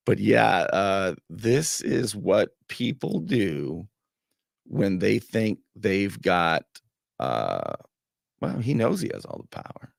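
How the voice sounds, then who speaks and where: A man's voice: fairly low pitch, huge pitch swings, slow pace, gravelly, pauses often, dry recording, clean studio sound. A man hosting a talk show, commenting on a played clip with sarcastic, mocking remarks.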